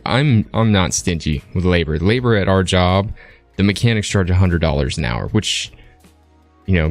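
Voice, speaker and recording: A man's voice: low-pitched, animated, moderate pace, no room sound, faint music behind. A man streaming, casually telling a rambling story with plenty of fillers and tag questions.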